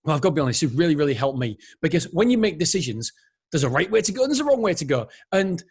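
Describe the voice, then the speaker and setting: A man's voice: a little high, racing, slightly rough. A man in his thirties hosting a solo motivational podcast, talking with energy and rambling, often stopping to correct himself. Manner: energetic, rambling, self-interrupting. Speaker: podcast host.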